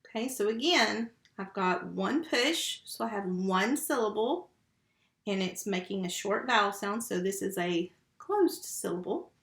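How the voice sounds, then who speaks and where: Lady teacher walking little kids through syllables, slow and patient, spelling letters out, roomy echo. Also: mid-range voice, fairly bright tone. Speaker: first grade teacher. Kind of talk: remote phonics lesson for young children.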